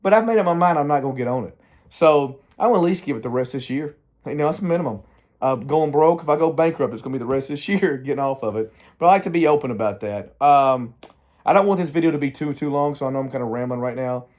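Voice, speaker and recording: A middle-aged male vlogger talks candidly to the camera in a rambling personal vlog. His mid-range, slightly mellow voice is animated and quick, and he meanders, often trailing off, interrupting himself and restarting.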